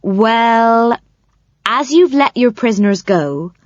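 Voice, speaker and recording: Firm, scolding nursery-rhyme girl played by a woman, bright and lively, dry and dull recording. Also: on the high side, takes it slowly, no echo, voice pushed up. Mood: stern. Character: stern, motherly little nursery-rhyme girl.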